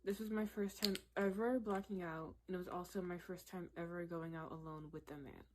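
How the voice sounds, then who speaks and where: A young woman vlogger telling a personal story in a candid, animated way, with lots of "like" and "literally". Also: on the low side, fairly quick. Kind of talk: casual storytelling.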